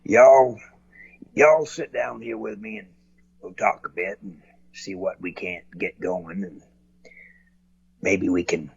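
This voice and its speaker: A man's voice: low-pitched, slow, vocal fry, pauses often, breathy edge, heavily acted. A man voicing a folksy good old boy from Texas with a Texan accent, drawling and easygoing, on a dull lo-fi recording.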